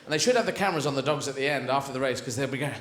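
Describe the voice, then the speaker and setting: A man's voice: mid-range voice, rapid-fire, a little hiss or hum. A man doing live stand-up comedy on a theatre stage, rambling and whimsical as he slips into voices. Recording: echoey live venue, loud audience laughter. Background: audience laughter.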